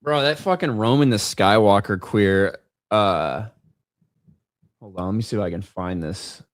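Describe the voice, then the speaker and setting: A man's voice: on the low side, measured pace, dry recording, clean studio sound. A man hosting a podcast, talking in a blunt, profane, ranting way in casual chat. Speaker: podcast host.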